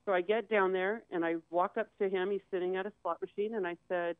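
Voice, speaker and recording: A fast-talking woman with a mid-range, steady, clean voice tells her dramatic story as a guest, acting out each quoted line vividly. The audio has a tinny, phone-line quality with no surrounding room sound.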